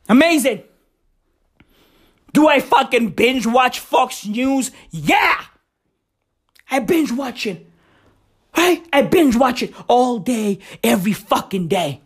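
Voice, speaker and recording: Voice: mid-range voice, fairly bright tone, husky, exaggerated voice. A woman putting on a manic, teary male politician who swears and insists he is fine while laughing through it. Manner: profane, manic ranting with forced laughter.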